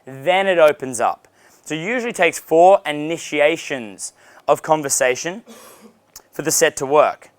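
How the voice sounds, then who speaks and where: A man's voice: a little high, measured pace, clean tone, no room sound. A man teaching a dating seminar, blunt and profane, acting out sample dialogues. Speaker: dating coach. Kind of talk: seminar lecture.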